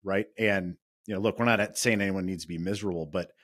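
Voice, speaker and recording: A man hosting a podcast who asks questions quickly, with many fillers. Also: low-pitched, steady tone, a bit bright, dry recording, clean studio sound. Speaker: podcast host. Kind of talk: interview questions.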